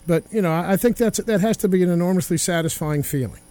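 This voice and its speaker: Man, radio host, folksy, encouraging, high mellow voice. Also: fast, dry recording. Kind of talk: radio interview.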